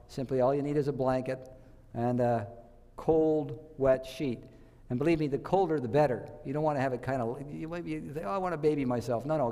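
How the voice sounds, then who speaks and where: A man's voice: mid-range voice, dark tone, in a large hall. A man giving a health talk to a church audience, telling stories and quizzing his listeners. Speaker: health speaker.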